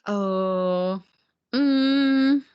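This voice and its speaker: A woman's voice: mid-range voice, very slow, clear, resonant tone, highs cut off. Giggly woman streamer chatting. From Oregon, USA. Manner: bubbly, laughs often. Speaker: guest streamer and dancer. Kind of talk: casual podcast chat.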